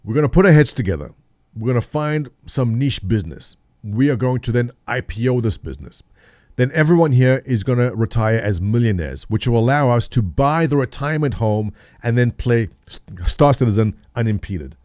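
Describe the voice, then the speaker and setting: A man's voice: mid-range voice, animated, moderate pace, darkish tone, no echo, studio quality. A man in his thirties, host of a livestream, chatting casually and jokingly, answering viewers by name. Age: 30s. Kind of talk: casual chat with live chat readers.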